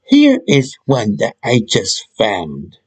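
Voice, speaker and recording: A man's voice: medium pitch, huge pitch swings, slow, breathy edge, full character voice. A man voicing a polite, helpful male raccoon in a storybook, speaking with a hesitant, stammering start.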